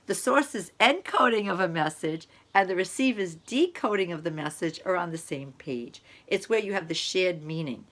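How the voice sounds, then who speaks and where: A woman's voice: fairly low pitch, fairly bright tone. Woman giving a casual lecture. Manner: conversational, explaining with repeated examples. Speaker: college instructor. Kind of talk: recorded online lecture.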